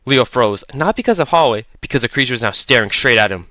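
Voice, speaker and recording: A man's voice: medium pitch, lively intonation, fast talker, pushed and bright, dry recording. A man narrating a horror story in a tense, clipped, dramatic way.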